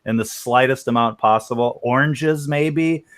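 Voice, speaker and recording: A man's voice: medium pitch, measured pace. A man co-hosting a casual podcast chat who teases the others wryly and laughs along. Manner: wry, teasing, laughs along. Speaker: podcast co-host.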